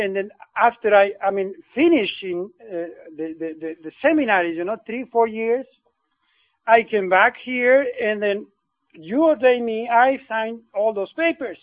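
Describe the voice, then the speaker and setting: A man from Argentina, a priest telling his own story in English in a halting way, repeating words and bending the grammar. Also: high-pitched, animated, no echo. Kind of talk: personal storytelling. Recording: tinny phone-like line.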